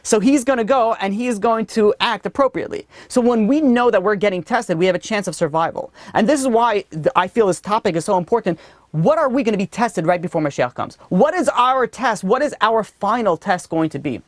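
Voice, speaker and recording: A man teaching a religious class, telling a story in a lively way with many "you know" asides. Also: high voice, brisk, no room sound. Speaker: rabbi teaching a weekly class.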